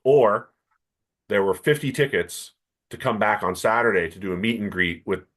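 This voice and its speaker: A man with a low voice co-hosts a casual comics podcast. He tells anecdotes in a relaxed, easygoing way. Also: moderate pace. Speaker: podcast co-host. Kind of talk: casual chat, storytelling.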